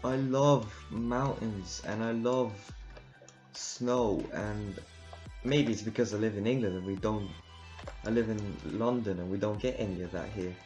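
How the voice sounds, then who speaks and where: A man's voice: on the low side, fairly even intonation, unhurried, a little mellow. A man giving rambling, casual commentary while playing a game, laughing often. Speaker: gamer. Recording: dull lo-fi recording with game music. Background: game music.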